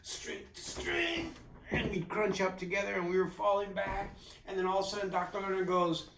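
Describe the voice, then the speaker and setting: A man's voice: high-pitched, level tone, quick pace, vocal fry, distant mic, background noise. A young adult man co-hosting a casual chat, telling a story playfully with jokes and acted-out quotes. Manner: playful, joking, acts out quotes. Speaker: co-host. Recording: echoey room, a bit off the mic.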